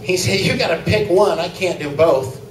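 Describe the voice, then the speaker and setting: Man, stand-up comic, high voice, crude jokes, roomy distant sound. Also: normal speed, noisy background. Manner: crude joke-telling, laughing at own jokes. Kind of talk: open-mic stand-up set. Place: small comedy club.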